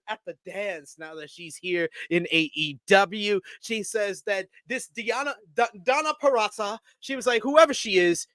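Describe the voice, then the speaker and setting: A man's voice: high-pitched, sharp tone, no room sound. A man co-hosting a casual wrestling review show, recapping segments and laughing often. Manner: recaps with quoted impressions and frequent laughter. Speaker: podcast co-host.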